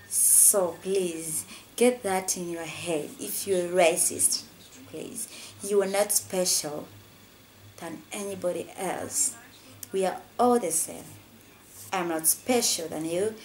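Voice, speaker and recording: A woman's voice: medium pitch, a little mellow, rough recording. Earnest rambling woman vlogger, faint hiss. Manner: earnest, rambling, heavy use of "you know". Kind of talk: personal vlog talk to camera.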